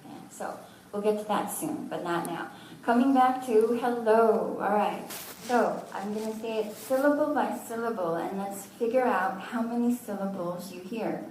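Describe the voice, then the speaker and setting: A woman's voice: mid-range voice, normal speed, hardly any pauses, darkish tone, a little hiss or hum. A woman teaching a language class, patiently sounding out words syllable by syllable with good-humored asides. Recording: echoey room, from far off.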